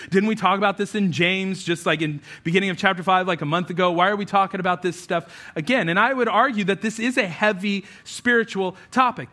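A man's voice: high-pitched, bright, forceful tone. A man preaching a conversational sermon as pastor, animating the story with acted quotes.

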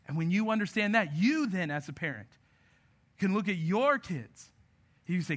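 A man preaching a sermon to parents, earnest, moving between emphatic lines and soft, intimate passages. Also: sits high, big pitch swings, normal speed. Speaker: pastor.

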